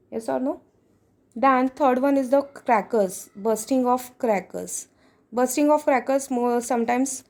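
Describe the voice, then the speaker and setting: Mellow-voiced teacher explaining to children. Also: female voice, fairly high pitch. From India. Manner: asks "yes or no?" often, with fillers and restarts. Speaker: school teacher. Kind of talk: textbook lesson for children.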